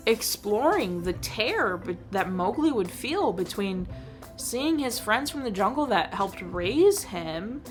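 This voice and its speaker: A young woman hosting a film review channel, chatting casually and excitedly, with lots of fillers. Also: mid-range voice. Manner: animated, gushing, filler-heavy with frequent "like". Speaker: host reviewing films. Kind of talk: casual chat.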